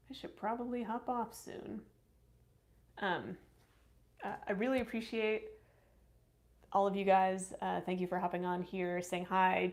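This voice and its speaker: A woman's voice: medium pitch, a little mellow. A woman chatting casually on a live stream, reading viewer comments aloud and answering them.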